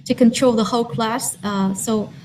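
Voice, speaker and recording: A woman's voice: fairly high pitch, steady tone, normal speed, recorded from a distance, noisy background. A woman moderating an online workshop, reading out audience questions with many hesitations.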